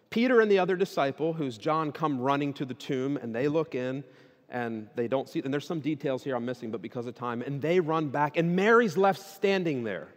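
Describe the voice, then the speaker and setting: Animated preacher man in a reverberant hall. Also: a little high. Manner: animated, builds to loud emphatic peaks. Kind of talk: sermon.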